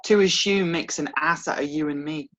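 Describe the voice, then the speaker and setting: A man's voice: a little high, a little fast, fairly bright tone. A young man from England with an English accent, chatting casually and telling funny anecdotes. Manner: chatty, tells anecdotes, swears. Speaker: participant. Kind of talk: casual chat.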